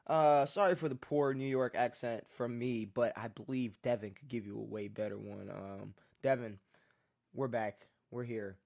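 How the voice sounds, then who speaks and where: A man's voice: medium pitch, steady tone, moderate pace, gravelly, a little mellow. A man co-hosting a podcast in casual chat, rambling with many fillers and restarts. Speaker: podcast co-host.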